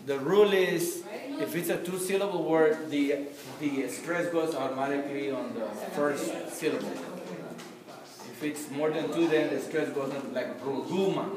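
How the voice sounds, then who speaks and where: A man's voice: a little high, measured pace. A man in a classroom, asking for words again and explaining a stress rule. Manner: asks for words to be repeated, explains rules. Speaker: learner and co-teacher. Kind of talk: classroom discussion. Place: classroom with a group of learners. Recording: echoey classroom, mic far off. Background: loud class chatter.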